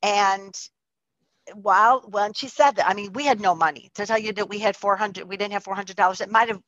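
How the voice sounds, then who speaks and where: A woman's voice: medium pitch, brisk, fairly bright tone, no echo, highs cut off. A woman telling a personal testimony in a chatty way, full of likes and restarts. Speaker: storyteller.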